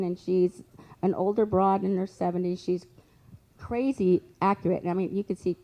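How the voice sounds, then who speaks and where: A woman telling a long story as a guest speaker, animated, acting out both sides of conversations and adding lively asides. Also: medium pitch, rough recording. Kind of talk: storytelling on stage.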